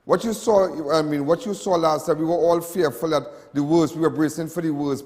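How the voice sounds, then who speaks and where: A Trinidadian man hosts a live TV talk show, chatting along loosely and repeating himself as he goes. His voice sits fairly high for a man, with a long reverb trailing behind it in the studio. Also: a little fast, darkish tone. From Trinidad and Tobago. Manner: chatty, repetitive, with many restarts and asides. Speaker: host.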